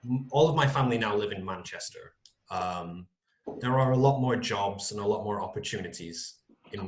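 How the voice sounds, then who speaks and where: A man's voice: on the low side, echoey room, slight background noise. A man, teaching on a video call and answering student questions with many ums. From North-West England. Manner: hesitant, many ums and kind-ofs. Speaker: English teacher.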